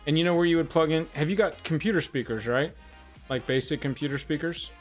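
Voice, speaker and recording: A man's voice: a little high, fairly quick. Guy cohosting a livestream, goofy announcer bits, music faint in the background. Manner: playful, joking, announcer-like hype. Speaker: livestream co-host. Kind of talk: casual livestream chat.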